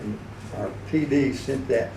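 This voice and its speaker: Gravelly man telling radio stories. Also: medium pitch, measured pace, noisy background. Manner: folksy, chuckling, slips into character voices. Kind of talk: anecdotal storytelling at a live event. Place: event hall. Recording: echoey room, recorded from far off.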